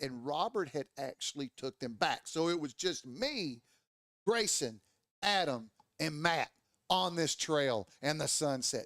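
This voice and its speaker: A man tells a rowdy trail story in a fairly high voice, swearing freely and acting out his friends' yelps and lines. The sound is close and dry, with no room around it. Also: dry recording. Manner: animated, profane, acts out voices and sounds. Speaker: podcast storyteller. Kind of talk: casual storytelling. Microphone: studio mic.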